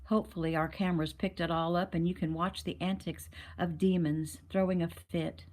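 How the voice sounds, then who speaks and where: A woman's voice: on the low side, steady tone, normal speed, a little mellow, lightly acted. Lady doing a serious guy explaining stuff earnestly.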